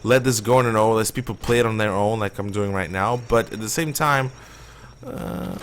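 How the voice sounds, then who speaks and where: A man's voice: lowish voice, normal speed, noisy background. A man streaming a shooter game live, rambling and opinionated as he plays. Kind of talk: casual live gameplay commentary.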